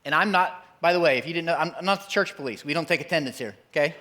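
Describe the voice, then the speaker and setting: A man's voice: on the high side, pushed and bright. Conversational middle-aged male pastor. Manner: conversational, emphatic, acts out quick voices. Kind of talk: sermon.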